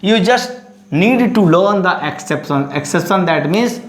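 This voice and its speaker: A man teaching a lesson, halting and full of fillers and restarts. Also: sits high, expressive. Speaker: English teacher. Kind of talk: classroom-style lesson. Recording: echoey room.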